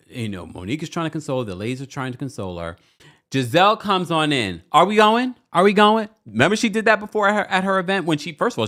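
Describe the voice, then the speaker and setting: A man hosting a chatty reality TV recap, sassy and animated, talking straight to his viewers and acting out what people said. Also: a little high. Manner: animated and sassy, acts out quotes in shifting voices; chatty, addresses viewers directly. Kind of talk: casual recap commentary.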